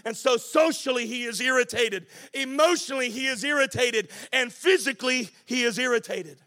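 A man preaching a sermon as pastor, impassioned, rising to shouts and a sing-song cadence. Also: extremely high pitch, moderate pace.

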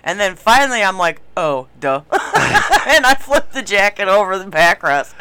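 A woman's voice: mid-range voice, very animated, normal speed, sharp tone, clear, resonant tone, no echo. A woman co-hosting a casual podcast, telling a story while laughing often. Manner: giggly, laughs through stories. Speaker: podcast co-host. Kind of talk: casual chat.

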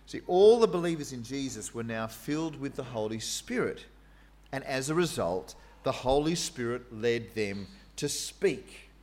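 A man preaching a sermon in an animated, conversational way, with fillers and asides. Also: mid-range voice, measured pace.

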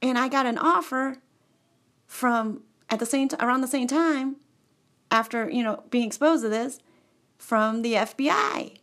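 A woman's voice: on the high side, normal speed. A woman vlogger telling a rambling personal story, often cutting herself off, going off on tangents and laughing. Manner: digressive, self-interrupting, laughs often; animated and chatty.

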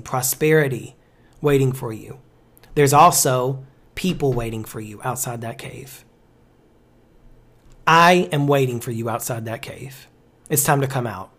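A man speaking as a life coach on a podcast, preachy and emphatic, repeating key phrases. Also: medium pitch. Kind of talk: motivational podcast talk.

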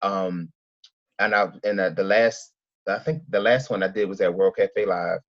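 Low-voiced man rambling excitedly. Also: normal speed, dry recording, muffled recording. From Philadelphia. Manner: rambling, excitable, many restarts and fillers. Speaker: event organizer, guest. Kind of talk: casual interview storytelling.

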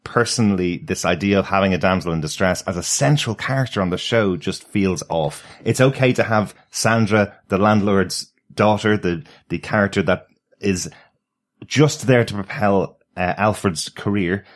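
A man with a low, deep voice co-hosts a TV review podcast. He talks in a casual, fluent, explanatory way. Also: normal speed. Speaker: podcast co-host.

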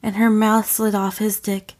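A woman reading an audio story as a narrator, slow and deliberate. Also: medium pitch, flat delivery, darkish tone. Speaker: audiofic reader.

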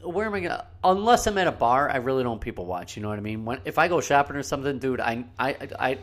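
A man's voice: medium pitch, very animated, quick pace, a bit bright. A man co-hosting a casual chat, easygoing, telling rambling stories with restarts.

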